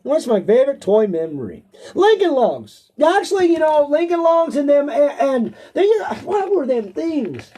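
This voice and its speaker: Man, very high voice, stuffy nose, rambling casual chat, frequent laughter. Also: big pitch swings, moderate pace, dark tone. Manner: rambling, laughs often, trails off. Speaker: auctioneer. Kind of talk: casual chat answering viewer questions.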